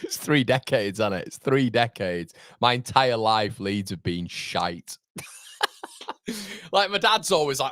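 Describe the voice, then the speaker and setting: A man's voice: medium pitch, unhurried, no echo. Man, thirties, rambling fan chat, dry close sound. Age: 30s. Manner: animated, rambling, swings from laughter to exasperated rants. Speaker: fan channel host. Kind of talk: live football watchalong chat.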